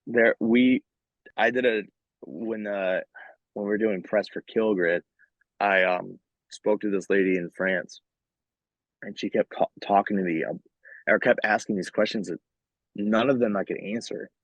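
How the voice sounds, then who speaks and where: Man, metal vocalist, podcast guest, gravelly, low-pitched, swears and laughs, dull lo-fi dry sound. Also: a little slow, long pauses, dry recording. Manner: animated storyteller, swears, laughs often. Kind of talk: casual interview chat.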